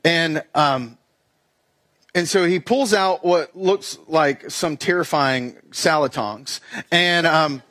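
A man's voice: on the high side, takes it slowly, fairly bright tone. A young man telling a comic personal story in a talk, acting out the dialogue and making sound effects. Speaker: speaker giving a weekly message.

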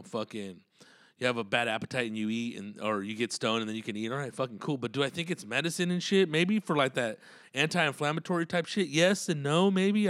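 A man's voice: mid-range voice, a bit bright, no room sound, studio quality. A man telling road stories in a casual, profane, rambling monologue and laughing often.

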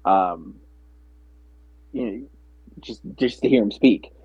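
A man's voice: on the low side, slow pace, vocal fry, a little mellow, slightly rough, no echo. A man chatting casually about films, rambling with many restarts and fillers. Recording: dry, phone-like narrow sound.

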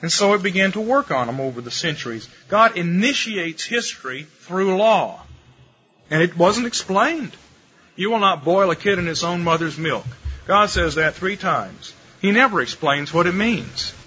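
Animated preacher guy, bright forceful voice, kinda muffled live recording. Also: normal speed, breathy edge. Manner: animated, shifts pace and pitch for emphasis. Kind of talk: sermon lecture. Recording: muffled live recording with faint room noise.

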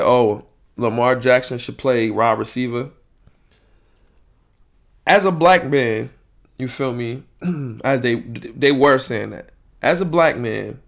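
A man with a gravelly, somewhat low voice hosts a casual sports podcast. He rambles, repeats himself and swears freely, speaking. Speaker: podcast host.

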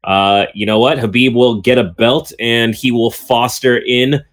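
A man's voice: medium pitch, steady tone, measured pace, a bit bright. A man co-hosting a sports podcast, rambling through his pick with dry jokes. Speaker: podcast co-host. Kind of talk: casual sports chat.

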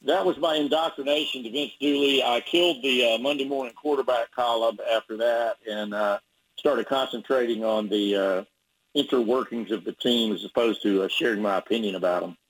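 A man's voice: mid-range voice, fairly even intonation, fairly quick, rough recording. A man, a sports reporter, telling a story as a radio guest, rambling with many restarts.

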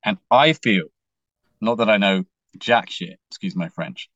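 A man's voice: fairly low pitch, a little slow, a bit bright, no room sound, lo-fi sound. A man from England with an English accent, a musician guest telling a personal story in a candid, emotional, rambling way with many restarts and some swearing.

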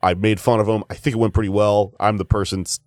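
A man's voice: on the low side, level tone, quick pace, darkish tone, no echo, studio quality. A male comedian hosting a podcast, telling a rambling, profanity-laced story in casual chat.

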